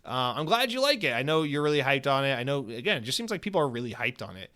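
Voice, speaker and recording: A male podcast host talking casually on his own show. He is animated and sarcastic, drops profanity easily and fills his talk with casual fillers. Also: mid-range voice, fast. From United States.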